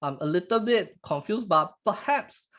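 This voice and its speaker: A man with a Singaporean English accent hosting a casual live trading webinar, halting and repeating words, chatty with "lah" at phrase ends. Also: high voice, expressive, fairly bright tone. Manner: chuckles while talking, snacking between lines.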